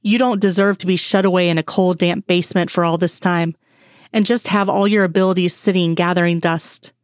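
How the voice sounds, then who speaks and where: A woman's voice: on the low side, fairly even intonation, brisk, dry recording, close to an everyday voice. A woman voicing a stern, condescending male FBI assistant director in a dry-sounding read story. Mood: weary stern. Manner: cold, clipped, condescending.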